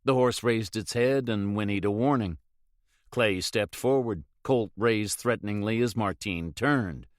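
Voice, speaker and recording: Low, dry-voiced male audiobook narrator. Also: measured pace, no room sound. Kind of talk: scripted narration.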